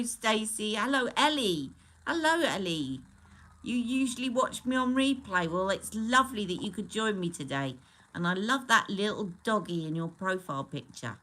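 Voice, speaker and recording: A woman's voice: mid-range voice, pushed and bright. A woman hosting a casual beauty live stream, chatting loosely and greeting viewers by name between product talk.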